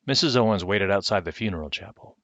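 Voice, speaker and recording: Casting: father doing bedtime storybook reading, very low voice, dull webcam audio. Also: animated, fairly bright tone, no echo. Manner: measured storytelling, slowing for effect. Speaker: father reading to his children. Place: home. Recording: dull lo-fi webcam sound, dry.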